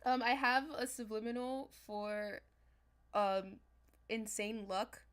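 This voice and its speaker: A young woman chatting casually on a livestream as a manifestation coach, talking straight to her viewers in a loose, animated way. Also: a little high, slow pace, smooth. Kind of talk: casual livestream talk to chat.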